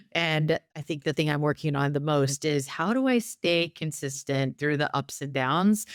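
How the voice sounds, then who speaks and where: A woman's voice: deep voice, normal speed, hardly any pauses, clean tone, no echo, clean studio sound. A woman co-hosting a casual podcast, talking in an upbeat, reflective and easygoing way. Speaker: podcast co-host. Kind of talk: casual conversational podcast chat.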